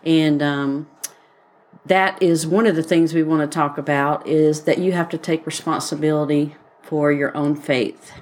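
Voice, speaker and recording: Southern woman podcast host, relaxed rambling faith chat, sits a little low. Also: measured pace. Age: adult, grown daughter. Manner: rambling, personal storytelling with many fillers.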